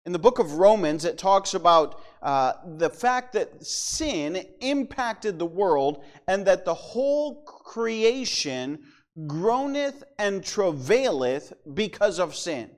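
High-voiced man preaching folksy sermon. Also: big pitch swings, slow pace. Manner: folksy, conversational preaching with asides. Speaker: pastor.

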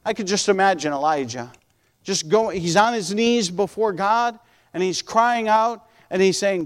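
High-voiced earnest preacher man. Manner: earnest, drawn-out emphasis with repeated restarts. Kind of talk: sermon with Bible reading.

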